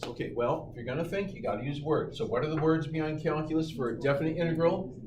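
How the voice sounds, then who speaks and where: A middle-aged man teaching a calculus class, lively and joking with his students. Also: medium pitch, brisk. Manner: lively, playful, jokes with students. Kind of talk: classroom lecture. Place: high school classroom. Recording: echoey classroom from far off, noisy.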